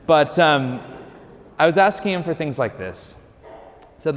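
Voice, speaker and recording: Priest preaching in a reverberant church. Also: male voice, fairly high pitch, lively intonation, unhurried, pauses often. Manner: conversational, lightly joking storytelling. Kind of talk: sermon.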